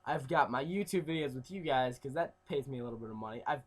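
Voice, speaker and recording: A young man telling a rambling story in a casual vlog, full of fillers, swinging between loud outbursts and mumbled asides. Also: mid-range voice, lively intonation, fast, slightly rough. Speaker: YouTuber.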